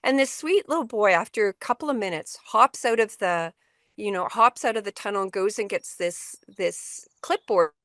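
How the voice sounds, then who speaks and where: A woman's voice: medium pitch, normal speed, fairly bright tone, no echo, clean studio sound. A middle-aged woman presenting a workshop on a video call, telling a story to educators in a conversational way, with frequent restarts and fillers.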